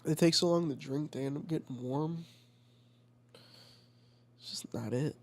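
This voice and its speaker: Gravelly, profane man telling stories. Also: a little high, a little slow. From United States. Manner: profane, rambling, animated storytelling. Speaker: vlogger. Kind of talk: casual chat.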